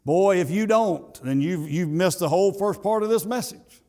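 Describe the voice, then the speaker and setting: Man, pastor preaching, fairly high voice, emphatic peaks and quiet asides, church sanctuary. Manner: preaching with rising emphasis, then dropping to soft asides; halting repetitions. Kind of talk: sermon.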